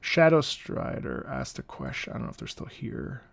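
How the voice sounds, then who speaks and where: A man's voice: rumbling low, huge pitch swings, normal speed, gravelly. A man streaming and chatting casually with viewers, rambling, laughing often and swearing freely. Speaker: streamer reacting to music. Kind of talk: casual live-stream chat.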